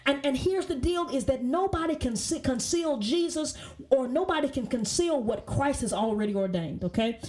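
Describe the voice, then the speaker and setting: A woman's voice: sits high, expressive, normal speed, darkish tone. A woman teaching a Bible study in an emphatic way, often checking in with "okay?" and restarting her sentences.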